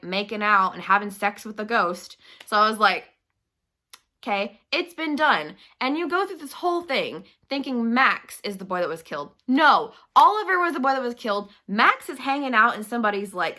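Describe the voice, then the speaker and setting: Bright-voiced young woman ranting casually. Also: a little high, expressive, moderate pace. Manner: chatty, swears freely, heavy use of "like". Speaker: book reviewer. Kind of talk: casual vlog rant.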